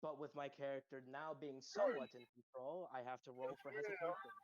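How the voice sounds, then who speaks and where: A man's voice: mid-range voice, brisk, a crowd in the background. Matter-of-fact male player on a muffled mic. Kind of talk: describing his character's actions in a tabletop game.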